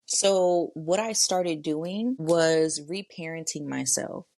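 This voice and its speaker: Casting: female podcast host, low gravelly voice, relaxed solo chat straight to listeners. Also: takes it slowly, no room sound. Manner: chatty, talks straight to listeners. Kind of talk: casual solo monologue.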